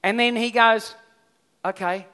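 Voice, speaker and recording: A middle-aged Australian man preaching a sermon, telling a story in an animated way and often repeating himself. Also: very high-pitched, unhurried, smooth. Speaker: pastor.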